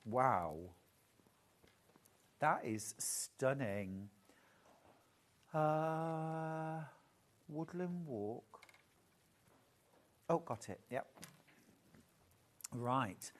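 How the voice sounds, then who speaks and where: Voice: medium pitch, animated, very slow, pauses often. A presenter showing off fabric bundles live, gushing and admiring in a chatty way. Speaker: shopping channel presenter.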